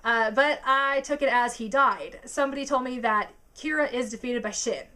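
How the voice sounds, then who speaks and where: Young woman vlogging, bright slightly high voice, gushes and squeals a lot. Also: moderate pace. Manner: excitable, gushing, squeals and filler words. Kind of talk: casual anime chat to camera.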